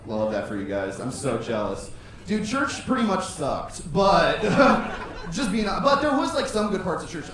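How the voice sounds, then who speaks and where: A man doing a stand-up set with crowd work on a club stage, talking loosely and breaking into shouted voices. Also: high voice. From USA. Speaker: stand-up comedian. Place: comedy club stage with live audience. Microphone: handheld stage microphone. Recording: roomy club sound, mic at a distance, audience laughter.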